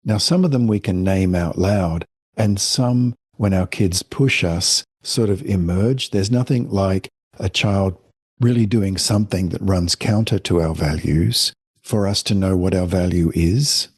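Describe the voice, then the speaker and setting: A middle-aged man, a family counselor, explaining his ideas in a gentle, reflective way in a podcast interview. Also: low-pitched, unhurried, slightly rough, no echo, clean studio sound. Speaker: guest, family counselor and author.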